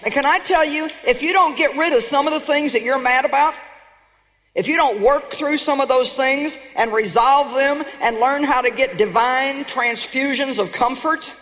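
A woman delivers a sermon with a very high-pitched voice. She preaches in an emphatic, conversational way and sometimes builds to exclamations. Her words ring out with the long reverb of a large hall. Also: normal speed, a bit bright.

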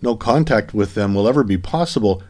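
An old, learned professor holds forth in a measured, lecturing manner, as a man reads him aloud. His voice sits fairly low. He is a figure in a read-aloud story. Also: lively intonation, a little mellow, natural voice.

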